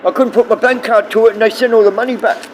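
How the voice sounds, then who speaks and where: A man's voice: high voice, fairly even intonation, quick pace, slight background noise, low-quality recording. A man with an Australian accent streaming live, rambling bluntly and swearing often as he talks to his chat.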